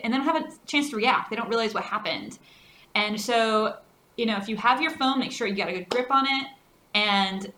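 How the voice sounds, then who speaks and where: A woman co-hosting a podcast in casual chat, animated, laughing often and slipping in Spanish words. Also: on the high side, echoey room. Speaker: podcast co-host.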